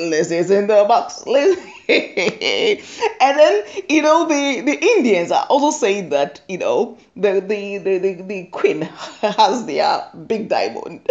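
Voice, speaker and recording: A woman's voice: a little high, dull audio. A woman doing a casual comic monologue, teasing and laughing often, repeating her phrases. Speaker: comedy monologue host.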